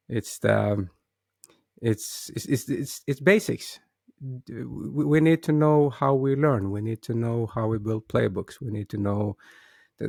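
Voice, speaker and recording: A man with a gravelly, creaky voice hosts a casual talk show on his own. He often stumbles and restarts his sentences as he talks. The sound is dry and close, with no room echo. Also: on the low side, darkish tone. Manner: hesitant, many restarts and repeated words. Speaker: host.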